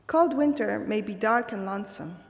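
A woman giving a slow, measured and thoughtful holiday sermon. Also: mid-range voice, long reverb tail. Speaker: religious speaker.

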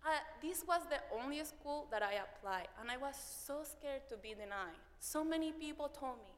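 A woman's voice: high voice, normal speed, a little hiss or hum. A young woman from Venezuela, a native Spanish speaker with a Venezuelan accent, telling her story as a university student and acting out what people said to her. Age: young adult. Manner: animated, acts out what people said. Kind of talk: personal storytelling. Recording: long hall reverb.

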